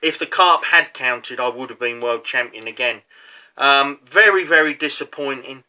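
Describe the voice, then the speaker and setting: A man with a very bright, forceful voice tells a match story in casual fashion. He rambles a little, dropping fillers and asides as he goes, and never sounds scripted. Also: mid-range voice, moderate pace. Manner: chatty, with many fillers and asides. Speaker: competitive angler.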